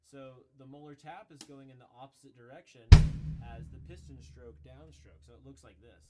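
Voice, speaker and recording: A man giving a casual drum lesson, explaining in a relaxed way with some self-corrections. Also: medium pitch, moderate pace, over loud music. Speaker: drum teacher. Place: music school room. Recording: voice between loud drum playing. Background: drum kit playing.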